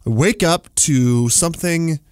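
A man in his forties rambles through a casual story, peppering it with "like" and small chuckles. His voice sits a little high for a man. The recording is dry and close, with no room sound. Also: measured pace, a little mellow, clear, resonant tone, no room sound. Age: 40s. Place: studio.

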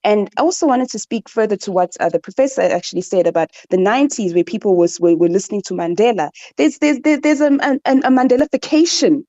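A woman's voice: medium pitch, expressive, fast, hardly any pauses, dark tone, dry recording, lo-fi sound. A woman with a South African accent, a social and political commentator in a radio discussion, who often repeats words while she searches for her point.

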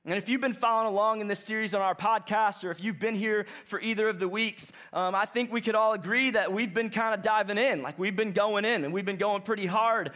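A young adult man preaching a sermon, telling a story in an animated, chatty way. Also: high voice, brisk, few pauses. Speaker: pastor.

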